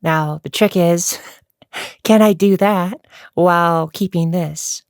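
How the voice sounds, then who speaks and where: A woman's voice: fairly low pitch, slow, dry recording, studio quality. A woman answering viewer questions in a casual, chatty vlog, rambling and laughing often.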